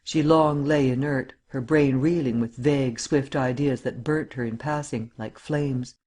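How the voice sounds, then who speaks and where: A man reading a classic novel as an audiobook in a measured storytelling voice, acting out the dialogue. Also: mid-range voice, steady tone, a little mellow. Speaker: audiobook narrator. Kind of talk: scripted audiobook narration.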